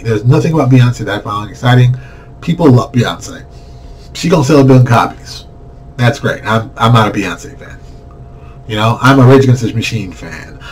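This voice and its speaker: A man's voice: medium pitch, darkish tone, far from the mic, poor audio. A man hosting his own channel, giving a blunt, ranting talk and mocking the voices of the people he criticizes. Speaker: comic book creator and channel host. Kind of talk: blunt vlog rant.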